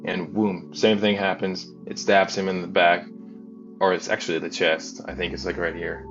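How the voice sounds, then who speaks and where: A man's voice: sits low, level tone, normal speed, a bit bright. A man hosting his channel, retelling a comic story in a loose, chatty way with lots of fillers. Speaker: channel host. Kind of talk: casual comic book recap. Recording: dull lo-fi with music behind. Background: background music.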